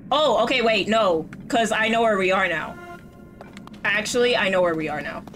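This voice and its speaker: Over game music, a woman chats her way through a video game stream, lurching from mock panic to cursing to sarcastic cheerfulness. She speaks at a moderate pace in a mid-range, slightly bright voice.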